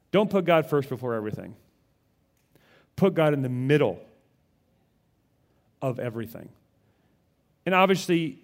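A male pastor preaching a conversational sermon with animated delivery, often repeating words as he goes. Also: medium pitch.

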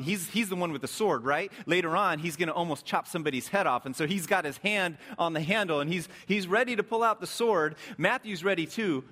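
A man with a fairly high voice preaches a sermon, vividly retelling a story. He swings between excited bursts and hushed, reflective passages.

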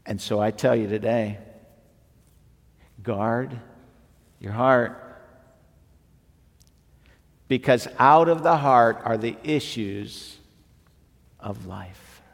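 A man preaching a sermon as pastor, slow and emphatic, rising at times to near shouting. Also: mid-range voice, vocal fry. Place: church sanctuary. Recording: long hall reverb, faint music behind.

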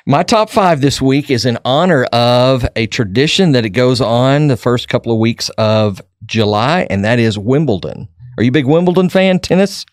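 A man hosting a casual talk show, easygoing and quick to laugh as he talks through a list. His voice sits at an ordinary pitch. The recording is close and dry. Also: animated, dry recording. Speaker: host. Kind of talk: casual radio-style chat.

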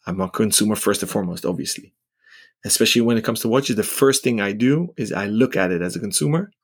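Opinionated middle-aged man talking shop. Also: mid-range voice. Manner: direct, opinionated, measured. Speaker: podcast co-host, watch retailer. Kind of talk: casual chat.

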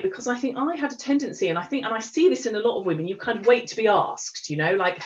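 A woman's voice: on the high side, lively intonation, quick pace, few pauses. A middle-aged woman speaking as an interview guest, telling her story frankly with plenty of fillers and restarts. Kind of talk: candid conversational storytelling. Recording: dull lo-fi recording.

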